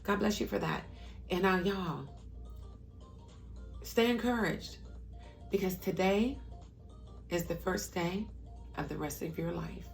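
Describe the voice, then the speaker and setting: A middle-aged woman vlogger telling a personal story in a casual, animated way, acting out what others said. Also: takes it slowly, creaky, long pauses, soft background music. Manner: animated storyteller, acts out quotes in a higher voice. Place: parked car.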